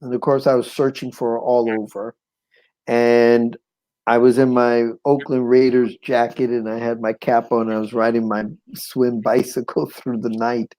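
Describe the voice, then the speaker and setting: A man as a guest telling a personal story in an animated way, acting out quotes and sounds and chuckling now and then. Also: medium pitch, moderate pace, low-quality recording.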